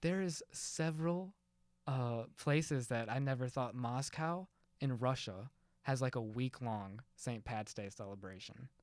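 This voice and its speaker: A man's voice: medium pitch, a little slow, darkish tone, dry recording. A young man co-hosting a podcast, talking in a loose, rambling way with lots of fillers. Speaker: podcast co-host. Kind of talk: casual chat.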